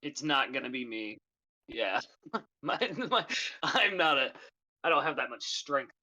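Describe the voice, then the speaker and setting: A man's voice: medium pitch, expressive, a little slow, pushed and bright. A man playing a tabletop game, chatting casually and joking at himself. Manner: laughing, self-deprecating. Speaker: player, ship's captain.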